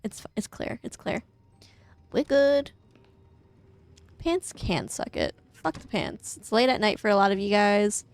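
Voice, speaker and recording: A young Midwestern woman streams a game from home, chatting and rambling casually while laughing often and swearing freely. Her medium-pitched voice is expressive and unhurried with long pauses, and there's no room sound.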